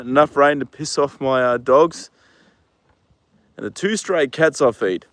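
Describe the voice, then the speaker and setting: A young man from New Zealand hosting a casual livestream outdoors at a horse paddock, chatting with viewers and cooing at his horse, relaxed and swearing now and then. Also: medium pitch, normal speed, no room sound. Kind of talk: casual chat reading viewer comments.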